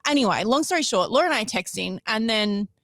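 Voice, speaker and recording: A woman's voice: a little high, expressive, fast talker, a bit bright, dry recording. A woman co-hosting a podcast from a distance, teasing and telling stories in casual chat. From Australia. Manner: teasing, storytelling. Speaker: podcast co-host. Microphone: remote recording.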